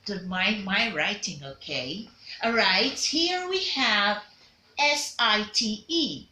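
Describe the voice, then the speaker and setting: A woman's voice: mid-range voice, animated, slow, pushed and bright, reverberant, slight background noise. A woman teaching a phonics lesson, drilling learners with call-and-response prompts. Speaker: diction teacher.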